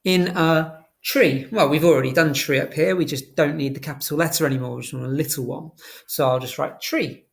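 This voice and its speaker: A primary school teacher, teaching a phonics lesson to young children and slowly sounding out words letter by letter. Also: mid-range voice, steady tone, creaky.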